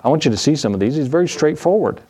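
A man delivers an evening church sermon as the preacher. He fires off rhetorical questions that climb in pitch and repeats key phrases to press his point home. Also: animated, very fast, dark tone, slightly rough.

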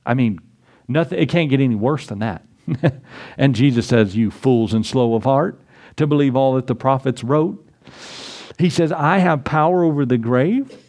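A man preaching a sermon as pastor, folksy and animated, reading scripture and acting out voices with chuckles. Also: medium pitch, normal speed, long pauses.

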